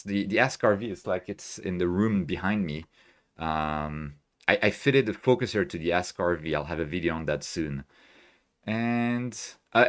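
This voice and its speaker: Chatty man hosting a live stream. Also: on the low side. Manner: chatty, reads chat aloud, many fillers and restarts. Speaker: astrophotography livestream host. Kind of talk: casual live stream chat. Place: home room with equipment.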